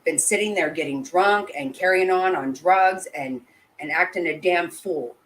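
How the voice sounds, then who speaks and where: A woman's voice: on the low side, a little slow, fairly bright tone, low-quality recording. A woman hosting a live commentary and answering her chat, blunt and heated, swearing often and restarting sentences. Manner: emotional, with frequent restarts. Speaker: channel host.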